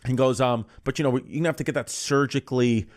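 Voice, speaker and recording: A man's voice: medium pitch, fairly even intonation, fast. A man on a podcast telling a long, crude personal story in casual chat, quoting everyone with 'he goes' and swearing bluntly.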